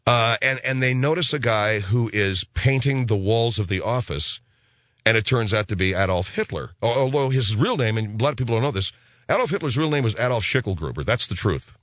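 A man's voice: on the low side, animated, fairly quick, a bit bright, dry recording. A middle-aged man hosting a show, chatting casually about listener mail in a rambling way, often repeating and restarting words. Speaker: radio show host.

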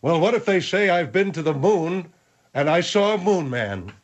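A man's voice: high-pitched, expressive, moderate pace, pitched above the performer's own voice. A man voicing a blunt, scolding older man called the General in a comedy radio bit. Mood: gruff.

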